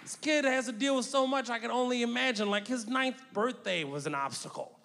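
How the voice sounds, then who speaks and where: A man performing a stand-up comedy set, telling animated family stories and acting out his relatives' voices. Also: very high voice, brisk, gravelly. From United States, Houston. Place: large theater stage with live audience. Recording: stage mic with loud crowd and room noise.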